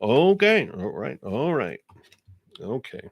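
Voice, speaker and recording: A man gives a live tarot card reading at a measured pace, chatty and laughing often. He voices the guides with a sassy, high-pitched "girl". The recording is dry.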